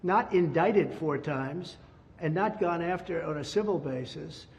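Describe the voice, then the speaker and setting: A man's voice: fairly high pitch, unhurried, long reverb tail. An older man from the United States giving an emphatic, repetitive press statement as a former president. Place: indoor press room.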